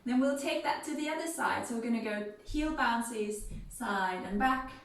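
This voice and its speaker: A woman instructor leading a gentle seated music and movement class, counting beats and chanting rhythm syllables. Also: medium pitch, distant mic, a little hiss or hum. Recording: very echoey room, voice from off-mic, faint music.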